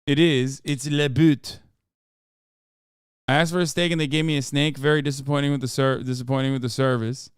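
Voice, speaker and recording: Sarcastic male streamer, smooth dry voice. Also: mid-range voice, little pitch movement, quick pace, hardly any pauses, dry recording. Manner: offhand and sarcastic, breaking into loud outbursts. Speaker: livestream host. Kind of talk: casual livestream chat, reading viewer posts aloud.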